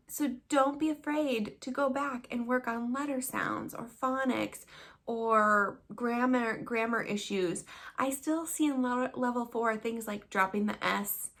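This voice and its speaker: A woman's voice: a little high, fairly bright tone. A young adult woman giving chatty, upbeat tips as an online English teacher, with frequent fillers. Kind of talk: casual teaching-tips vlog.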